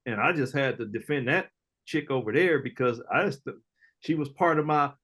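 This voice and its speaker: A man's voice: mid-range voice, moderate pace. Slangy middle-aged man telling stories. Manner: animated storyteller, slangy, acts out quoted voices, laughs often. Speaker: entrepreneur guest. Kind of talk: casual storytelling interview.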